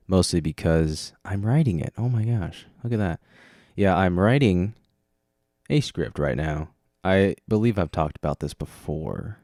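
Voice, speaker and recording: A man's voice: low voice, a little mellow, no room sound, studio quality. A man hosting a podcast, talking alone in a rambling, self-mocking way and sounding tired. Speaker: podcast host. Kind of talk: casual solo monologue.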